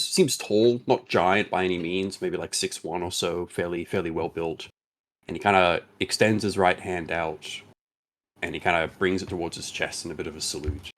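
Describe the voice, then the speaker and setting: A man playing a tabletop game, rambling through a description of his character with many fillers. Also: low-pitched. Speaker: player.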